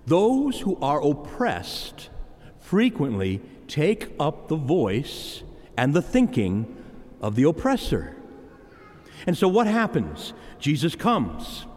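A man preaching a sermon, emphatic and animated, speaking straight to the congregation. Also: high voice. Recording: reverberant hall.

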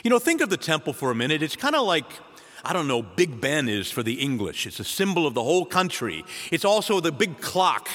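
A man, a priest, giving a sermon with dramatic swings between loud and soft. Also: big pitch swings, a little fast. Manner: dramatic preaching with wide swings in pitch and loudness. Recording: long church reverb.

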